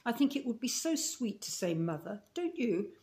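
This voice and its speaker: A woman's voice: fairly high pitch, very animated, moderate pace, a little mellow. A woman with a Scottish accent reading aloud as a talkative, romantic eleven-year-old orphan girl in a storybook. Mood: chatty. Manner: gushing, romantic, breathless run-on talk.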